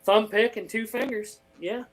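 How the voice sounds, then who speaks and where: High voiced guy from maine, southern drawl slipped in, chatty guitar guest, says brother a lot. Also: measured pace, rough recording. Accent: Southern drawl over a Maine accent. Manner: folksy and animated, calls people brother and man. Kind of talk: casual interview chat.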